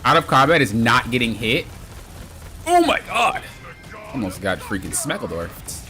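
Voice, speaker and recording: A man live-streaming a video game with excitable, exclamatory commentary, yelling at mishaps and trash-talking his friends. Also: mid-range voice, unhurried, faint music behind.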